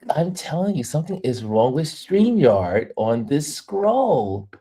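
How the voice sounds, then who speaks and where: A woman from New York hosting a travel livestream, telling stories in a casual, animated way and laughing often. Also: low-pitched, slow, husky. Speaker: travel vlogger and livestream host.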